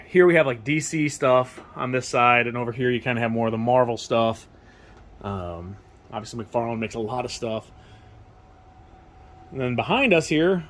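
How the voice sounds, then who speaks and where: A man at an ordinary middle pitch gives a casual walking tour of his toy store. He talks quickly and excitedly, tripping over his words and restarting sentences as he goes. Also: a little hiss or hum. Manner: excited, fast-talking with restarts.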